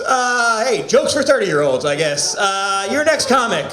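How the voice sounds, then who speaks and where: A man's voice: sits high, very animated, a little slow, few pauses, over music. A man hosting an open mic, teasing the last comic and introducing the next one. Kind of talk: emceeing between comics. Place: small room at a comedy open mic. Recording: echoey room with crowd. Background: audience.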